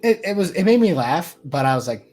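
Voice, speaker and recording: A man in his twenties co-hosting a podcast, chatting casually in a blunt, swearing, animated way. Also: sits high, fairly quick, soft background music. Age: 20s. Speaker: podcast co-host. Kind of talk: casual chat.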